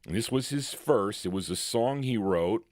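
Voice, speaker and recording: Low-ish guy dj chatting between records, folksy, kinda rambly, dry close mic. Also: animated, moderate pace, darkish tone, no echo. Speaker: radio show host. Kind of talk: casual DJ chat between records.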